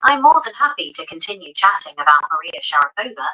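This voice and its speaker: Bright, lively synthetic female assistant voice. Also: on the low side, quick pace, rough recording. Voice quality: polished, even and helpful. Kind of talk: conversational assistant replies.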